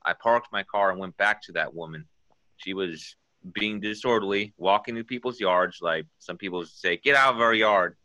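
A man's voice: low voice, moderate pace, sharp tone, no room sound. A man sharing an earnest, rambling testimony, quoting scripture as he preaches informally. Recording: dull lo-fi dry sound.

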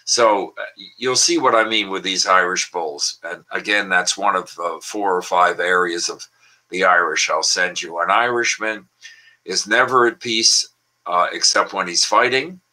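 An older man with a low, very bright and forceful voice, chatting over a video call. He rambles cheerfully through puns, with plenty of ums and uhs. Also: measured pace, rough recording. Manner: chatty, with frequent filler words and pun-laden asides. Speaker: language columnist and guest. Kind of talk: casual online wordplay talk.

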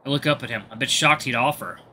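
A man hosting a gaming video, reading a visual novel aloud with relaxed, chatty asides. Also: mid-range voice, fast, slight background noise.

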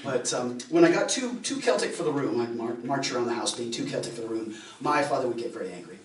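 A man's voice: medium pitch, expressive, fast talker, recorded from a distance, a little hiss or hum. Rambling male folk musician on stage. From United States. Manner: rambling and anecdotal, restarting phrases. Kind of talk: on-stage storytelling between songs. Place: live concert venue. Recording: roomy live recording from afar.

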